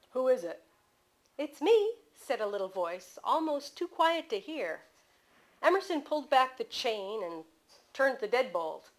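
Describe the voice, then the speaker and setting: A woman author reading aloud from her mystery novel at a bookstore, in steady storytelling narration. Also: high-pitched, low-quality recording.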